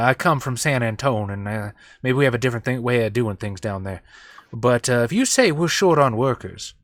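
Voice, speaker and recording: A man's voice: mid-range voice, no echo, clean studio sound, pitched below the performer's own voice, lightly acted. A man voicing a blunt, wary country man, talking in an earnest, homespun way.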